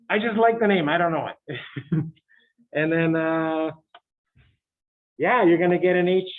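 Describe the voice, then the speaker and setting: A man's voice: a little high, unhurried, long pauses. A man lecturing on chemistry to students in a chatty way, with joking asides. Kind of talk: recorded lecture. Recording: tinny phone-like lecture audio.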